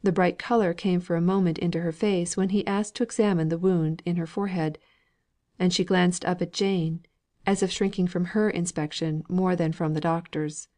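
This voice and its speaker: A woman narrating a classic novel for an audiobook in a steady, even manner. Her voice sits somewhat low for a woman. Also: normal speed.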